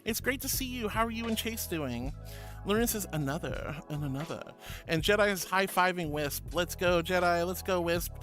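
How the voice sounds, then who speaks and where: A man with a high, light voice chats with his stream, greeting viewers one by one and calling them honey and sweetie. He is playful and bursts into silly noises. Soft music plays faintly behind him. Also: moderate pace. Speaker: VTuber streamer. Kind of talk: casual chat reading viewer messages.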